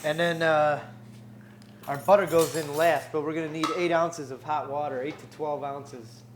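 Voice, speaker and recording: A man's voice: on the high side, steady tone, normal speed, background noise. Upbeat man hosting a cooking show. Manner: upbeat, joking, step-by-step explaining. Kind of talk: on-air cooking demonstration.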